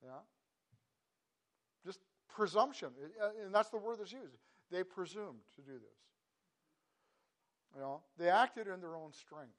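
Pastor, male, slightly high voice, earnest and halting devotional preaching with emphatic peaks. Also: expressive. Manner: earnest, halting with repeated restarts, rising to emphatic bursts. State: choked up. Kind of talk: devotional sermon.

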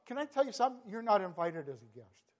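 A man with a high voice delivers a sermon to his congregation. He talks in bursts, repeats words and stacks phrases into rising, emphatic climaxes. His voice rings out with a long reverb, as in a large church sanctuary. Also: sing-song, fast talker. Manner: impassioned, builds to emphatic peaks with frequent word repeats. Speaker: preacher.

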